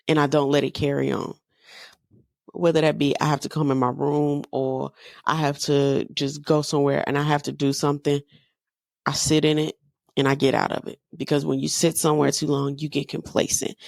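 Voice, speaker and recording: A woman's voice: low-pitched, vocal fry, dry recording, studio quality. A woman in her thirties hosting a podcast, talking candidly in a loose, conversational way with lots of fillers. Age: 30s. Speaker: podcast host. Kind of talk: personal monologue.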